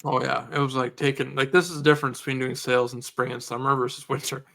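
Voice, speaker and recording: A man's voice: mid-range voice, quick pace, vocal fry, slight background noise. A man co-hosting a podcast, chatting casually and telling stories that act out conversations with customers. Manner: animated storyteller, acts out customer dialogue. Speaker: podcast co-host. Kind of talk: casual chat.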